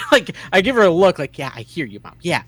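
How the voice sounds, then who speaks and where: A man's voice: brisk, no room sound. A man telling a funny story in casual podcast chat over a video call. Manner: animated, mimics his mother in a loud high voice. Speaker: podcast co-host.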